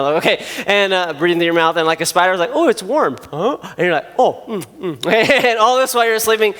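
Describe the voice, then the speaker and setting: A man's voice: sits high, a bit bright, in a large hall. A man preaching a casual, joking sermon as pastor, chatty and full of fillers and asides.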